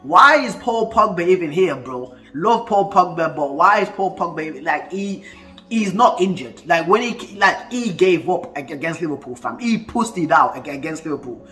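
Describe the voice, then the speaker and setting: A man's voice: fairly high pitch, animated, moderate pace, bright, forceful tone, faint music behind. A man, ranting about football in a casual vlog, heated and full of stuttering restarts. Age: 20s. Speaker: football fan vlogger.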